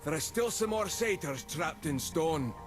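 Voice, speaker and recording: A man's voice: on the high side, lively intonation, measured pace. A man voicing a grateful male satyr in a video game, speaking earnestly over game music. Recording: game audio with loud music behind.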